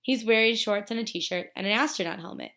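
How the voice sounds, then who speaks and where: A woman's voice: mid-range voice, brisk, gravelly, a bit bright. Woman teacher reading a novel aloud.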